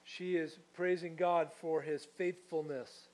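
A man's voice: fairly high pitch, fairly even intonation, slow, a little mellow, rough recording. A man preaching a sermon as pastor, earnest, asking his listeners direct questions.

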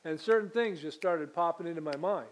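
A man pastor preaching a conversational sermon, pausing to quiz the congregation and correcting himself as he goes. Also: on the high side. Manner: self-correcting, many fillers and restarts.

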